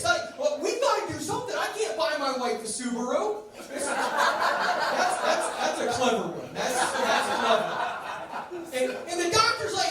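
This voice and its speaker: A man performing a stand-up routine on a club stage, with a stammering, deadpan delivery full of restarts, and audience laughter behind him. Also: extremely high pitch, unhurried. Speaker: stand-up comedian. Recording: echoey room mic from far off with crowd laughter.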